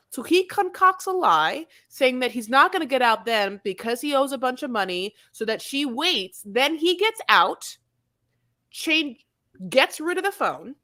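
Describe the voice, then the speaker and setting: Lively, expressive woman co-host. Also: medium pitch, no echo. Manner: expressive, playful, imitates recorded messages. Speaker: podcast co-host. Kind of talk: casual recap chat.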